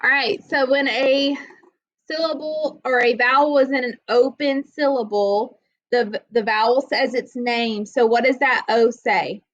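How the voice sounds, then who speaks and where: A woman with a bright, forceful voice walks young readers through a phonics lesson, patient and step by step. Her voice sits a little high, and she often checks in with the class. The audio is dull and lo-fi, with a dry, close sound. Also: fairly even intonation, unhurried, dry recording. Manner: patient, step-by-step explaining with frequent "okay?" checks. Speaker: teacher. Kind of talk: reading lesson for children.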